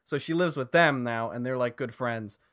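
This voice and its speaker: A young man co-hosting a casual anime podcast, recapping the plot in a relaxed way with lots of fillers. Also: medium pitch, moderate pace. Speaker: podcast co-host. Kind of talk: casual anime review chat.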